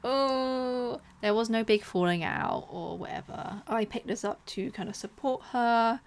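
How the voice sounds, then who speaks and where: A young woman chatting casually about books she is giving away, lively and expressive, slipping into whispered asides. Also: fairly high pitch, a little slow. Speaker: book vlogger. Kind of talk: casual chat.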